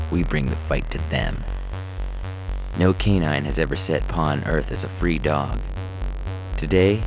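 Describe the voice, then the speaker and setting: A man's voice: a bass voice, poor audio. A man voicing a tough female dog marine sergeant in an audio story, giving rousing barked commands.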